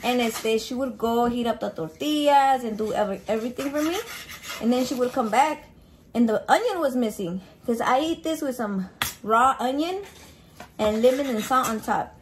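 High-voiced, foul-mouthed woman. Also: normal speed, slight background noise. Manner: crude, profane, animated storytelling. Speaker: home cook filming a recipe video. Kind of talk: casual cooking vlog chat. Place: home kitchen.

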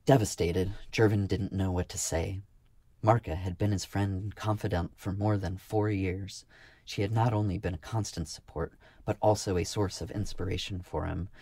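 Deep-voiced male audiobook narrator. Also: gravelly, darkish tone, no room sound. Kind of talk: scripted narration.

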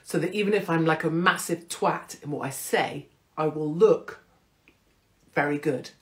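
A woman's voice: low-pitched, measured pace. Brash, swearing British woman host. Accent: British English. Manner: brash, swearing, self-mocking. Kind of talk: casual monologue.

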